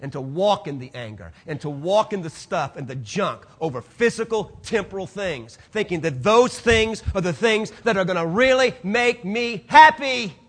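Male preacher, high-pitched, dramatic swings between loud and soft. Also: lively intonation, normal speed, few pauses. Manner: dynamic delivery, swinging from loud declarations to hushed asides. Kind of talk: sermon.

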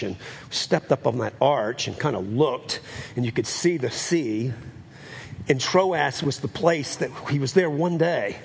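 A man's voice: high-pitched, breathy edge. A man preaching a sermon as pastor, earnest and repeating phrases for emphasis.

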